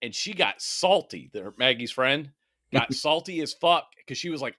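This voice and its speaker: A man's voice: a little high, lively intonation, normal speed, sharp tone, dry recording, studio quality. Chatty laughing male podcast co-host. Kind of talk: casual podcast chat.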